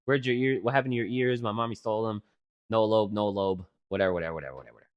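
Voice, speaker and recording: Lowish and rapid-fire, with the highs cut off, this twenty-something podcast co-host chats casually. He tells rambling, profane stories with lively animation and frequent fillers.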